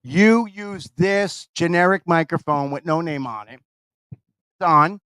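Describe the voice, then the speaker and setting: A man hosting a radio show, energetic and teasing, rambling through live banter into a studio microphone. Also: on the high side, takes it slowly, clean tone.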